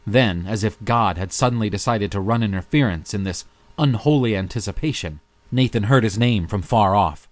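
A man narrating an audiobook with a low, steady voice. He reads in a measured, even storytelling manner, and the sound is close and dry with no room around it. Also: dry recording. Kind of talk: scripted narration.

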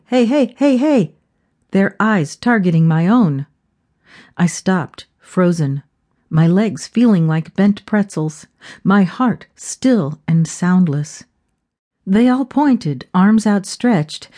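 Mellow woman narrating an audiobook. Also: fairly low pitch.

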